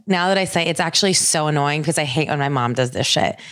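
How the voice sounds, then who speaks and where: A woman co-hosting a podcast, casual and upbeat, with quick fillers. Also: sits low, fairly bright tone. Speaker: podcast co-host.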